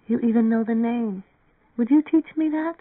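A man's voice: extremely high pitch, normal speed, no room sound, voice pushed up. Man reading as a naive young woman, earnest and wistful, audiobook, thin phone-like sound, dry.

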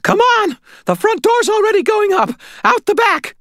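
A man voicing a feisty, squeaky little old woman in an audiobook, querulous and scolding. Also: big pitch swings, normal speed, no echo, studio quality, full character voice. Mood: alarmed. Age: older. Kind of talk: audiobook narration.

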